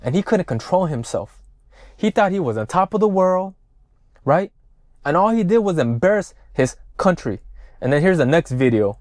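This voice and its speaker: A man's voice: fairly high pitch, sing-song, moderate pace, darkish tone, no room sound, clean studio sound. A man giving profane, ranting reaction commentary on news clips. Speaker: political commentator.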